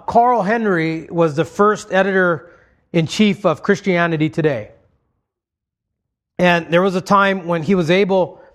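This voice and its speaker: A man preaching a sermon, explaining points to his congregation in a conversational way. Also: a little high.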